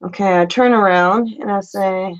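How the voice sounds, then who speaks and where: A woman's voice: mid-range voice, steady tone, moderate pace. A woman player in a tabletop game, speaking in character with profane, sarcastic banter. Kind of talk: in-character tabletop role-play. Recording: slightly dull, lo-fi sound.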